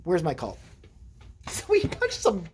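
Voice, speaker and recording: A woman's voice: on the low side, wildly swooping pitch, slow, a little mellow, slight background noise. A woman vlogger telling a rambling, profane story in casual chat, acting out the people she quotes.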